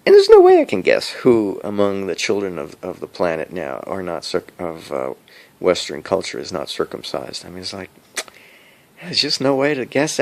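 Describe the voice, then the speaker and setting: A man's voice: lowish voice, creaky. A middle-aged man rambling to his phone camera, giggling often as he talks. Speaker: vlogger. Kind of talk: rambling casual monologue to camera. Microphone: cell phone camera.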